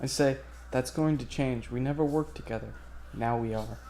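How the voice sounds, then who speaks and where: A man's voice: medium pitch, normal speed, warm tone, a little hiss or hum. A man playing a tabletop game, describing his character's actions hesitantly, with repeated words. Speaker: player.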